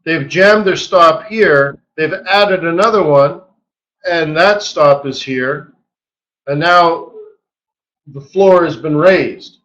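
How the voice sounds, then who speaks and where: A man hosting a live trading webinar, walking through charts in an animated, joking way with lots of rhetorical questions. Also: fairly high pitch, takes it slowly, lo-fi sound. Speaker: forex market strategist hosting a daily webinar.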